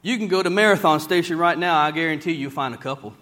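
A man preaching a sermon in a church, plain-spoken and folksy, slowing down whenever he reads scripture aloud. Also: fairly high pitch, pushed and bright.

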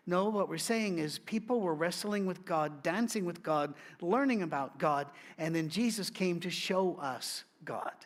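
Animated, high-voiced preacher man. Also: unhurried, few pauses. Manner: conversational preaching with wide swings in pitch and loudness. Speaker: pastor. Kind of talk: sermon.

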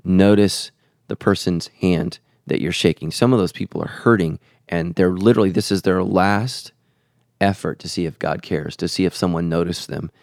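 A man with a very low voice talks as a pastor and podcast host, earnest and preacherly. He leans on repeated phrases to press his point. The sound is close and dry, with no room around it. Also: moderate pace, vocal fry, darkish tone, dry recording. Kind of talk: conversational podcast teaching.

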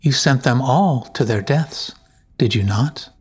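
Cunning young noblewoman, soft, slow, needling; a male narrator reads her. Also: mid-range voice, breathy edge. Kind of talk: storybook reading.

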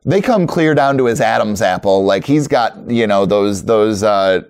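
A man narrating a tabletop game as game master, describing scenes in a relaxed, rambling way. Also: fairly low pitch, normal speed, clean tone.

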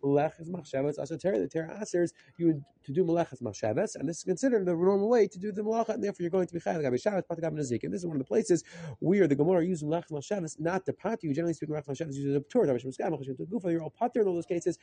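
A man giving a rapid Talmud lesson, reading through Aramaic text in a quick chant and translating it as he goes. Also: on the high side, creaky, dark tone, slightly rough, no room sound. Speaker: Talmud teacher. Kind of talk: rapid daf yomi lesson.

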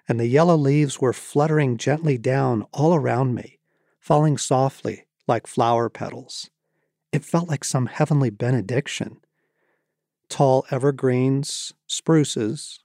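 A man reads from his own writing in a soft, mellow tone. His delivery is reflective and reverent, broken by relaxed conversational asides. The sound is close and dry, with no room around it. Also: medium pitch, no room sound. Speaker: author reading from his book. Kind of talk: reading a book aloud with casual asides.

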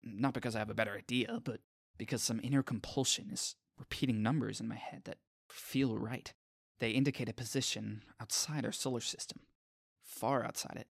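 Earnest guy reading a first-person story, mid pitch, dry close mic. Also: fairly even intonation, a little fast, gravelly, dry recording. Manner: earnest, self-conscious inner monologue. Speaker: narrator. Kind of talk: scripted first-person narration.

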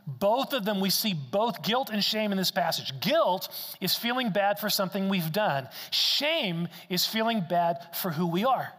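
A man's voice: sits high, lively intonation, measured pace, bright, forceful tone, long reverb tail. A man preaching a sermon as a pastor, emphatic and repeating key phrases for stress.

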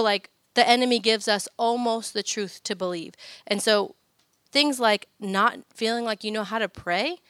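A woman's voice: medium pitch, fairly bright tone, no echo. A woman giving a practical, upbeat teaching talk to parents at church, casual in her phrasing. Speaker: church speaker.

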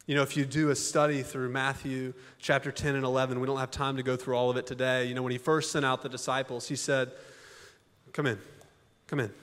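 A man's voice: mid-range voice, flat delivery, fast, few pauses, fairly bright tone. A man preaching a sermon as a pastor, in a folksy, conversational way full of rhetorical questions. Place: church auditorium. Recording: long church hall reverb.

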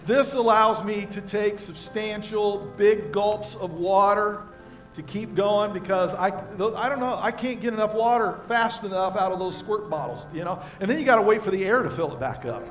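An older American pastor preaches in a high-pitched voice, telling homey stories and moving from hushed moments to loud peaks. Music plays clearly behind his sermon. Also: normal speed. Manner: folksy storytelling with props, swinging from quiet to loud.

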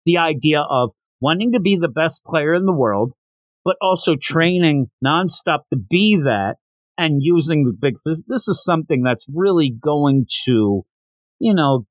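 A man's voice: a little high, expressive, a little slow, dry recording. A man hosting a podcast, giving a casual, opinionated manga review as he recaps scenes.

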